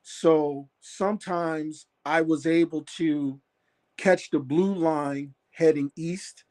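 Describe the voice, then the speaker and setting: A man's voice: fairly high pitch, fairly even intonation, slow pace, darkish tone. Rambling man telling a story. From Phoenix area. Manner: rambling, many fillers and restarts. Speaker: caller sharing a sighting. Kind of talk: casual storytelling. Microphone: phone on a call.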